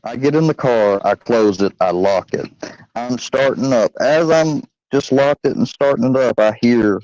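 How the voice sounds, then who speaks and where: A young channel host spins a long, casual, profanity-laced story, full of fillers and acted quotes. He talks at a medium pitch and normal speed with a slightly mellow voice, in a dry, somewhat dull home recording.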